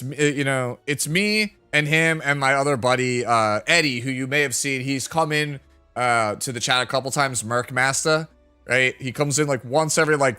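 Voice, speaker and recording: With faint music in the background, a thirtysomething man talks to his chat in a bright, clean-toned, mid-range voice. His casual streaming talk wanders from aside to aside, heavy on filler words and frequent laughter.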